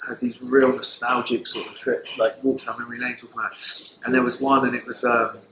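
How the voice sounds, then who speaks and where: A man's voice: mid-range voice, level tone, fairly quick, sharp tone. A man in his thirties, a chef guest on a podcast, chatting casually and rambling with many fillers and restarts. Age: 30s. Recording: echoey room with background noise.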